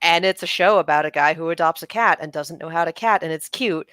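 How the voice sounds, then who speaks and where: An American woman co-hosting a podcast in casual chat, animated and quick to act out quotes. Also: deep voice, slight background noise. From United States. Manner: animated, acts out quotes with laughs. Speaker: podcast co-host.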